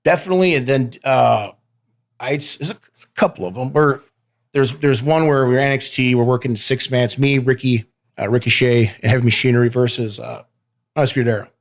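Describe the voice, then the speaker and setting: Speaking at a medium pitch and a brisk pace, a pro wrestler chats casually in an interview studio. He keeps it rowdy, laughs often, curses freely, and calls the host "babe".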